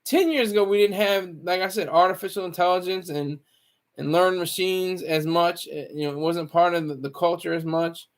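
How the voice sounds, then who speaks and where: A high-pitched man, a Marine Corps veteran, speaks at a normal speed in a casual, meandering monologue. He is opinionated and repeatedly catches and corrects himself.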